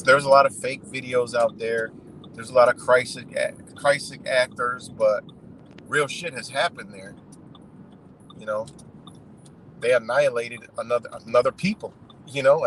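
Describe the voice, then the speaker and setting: A man's voice: medium pitch, moderate pace, fairly bright tone, a little hiss or hum, low-quality recording. A man giving a profane, rambling unscripted monologue, full of "you know" and "man".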